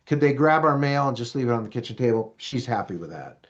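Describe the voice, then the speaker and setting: A middle-aged man giving a parent-education talk, telling a story in an animated, conversational way. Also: medium pitch, fast talker. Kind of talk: storytelling presentation. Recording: dull lo-fi recording.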